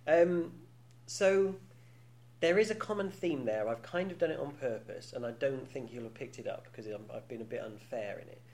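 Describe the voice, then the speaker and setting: A man's voice: medium pitch, normal speed, darkish tone. A man in his thirties co-hosting a podcast, talking candidly in casual chat with many restarts and frequent laughs. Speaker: podcast co-host.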